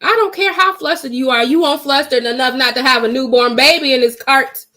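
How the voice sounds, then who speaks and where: A woman's voice: sits high, brisk, pushed and bright. A woman vlogger telling a story in a casual, blunt and emphatic way, swearing freely and retelling it dramatically.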